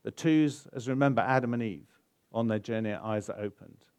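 A man's voice: lowish voice, moderate pace, darkish tone, no room sound. A man preaching a sermon, telling a story with feeling and building to an urgent call to faith before leading a prayer. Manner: storytelling, building to emotional exhortation. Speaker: pastor.

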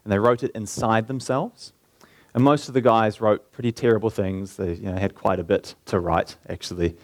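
A man preaching a sermon in an earnest way, slowing down and lifting his voice to stress key points. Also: fairly low pitch, fairly even intonation, no room sound. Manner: earnest, slows down and lifts his voice for emphasis.

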